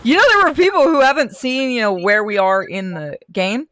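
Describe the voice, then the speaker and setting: A woman's voice: a little high, brisk, a bit bright, slight background noise. Swearing woman doing game commentary. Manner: blunt and swears freely; chats to stream viewers. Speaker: let's play host. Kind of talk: casual gaming commentary.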